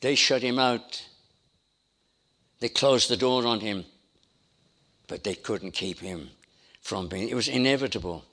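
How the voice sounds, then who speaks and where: A man's voice: mid-range voice, measured pace, long pauses, bright, forceful tone. A man preaching a sermon in an emphatic style, building his points through repetition. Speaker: pastor.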